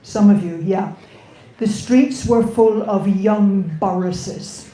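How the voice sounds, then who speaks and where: Slow older woman with a slight Scottish accent. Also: mid-range voice, fairly even intonation, dark tone. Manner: measured, plain-spoken, dry humour. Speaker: astrophysicist giving a public lecture. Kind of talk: lecture Q&A answers. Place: lecture hall. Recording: echoey lecture hall.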